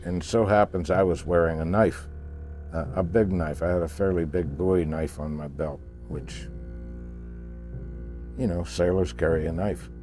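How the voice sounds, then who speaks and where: Older man, casual storyteller, mellow tone, halting delivery. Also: low voice, steady tone, faint music behind. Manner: halting, repeats words when searching for them. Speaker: interviewee recounting a past voyage.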